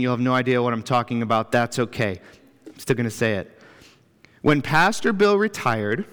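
Preaching as pastor in a church, a man delivers a reflective, earnest sermon and builds emphasis through lists. His medium-pitched voice is fairly bright and clean, carried by the long reverb of a church hall.

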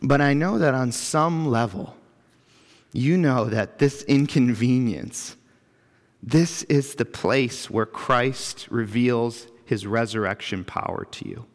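A man's voice: mid-range voice, takes it slowly. A man preaching a sermon as pastor in a church, reflective and earnest, building emphasis through lists. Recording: long reverb of a church hall.

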